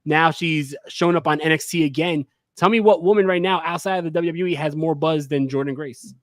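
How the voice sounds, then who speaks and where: A man's voice: a little high, brisk, no room sound, studio quality. A man co-hosting a casual wrestling chat podcast, earnestly arguing his pick with conviction. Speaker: podcast co-host.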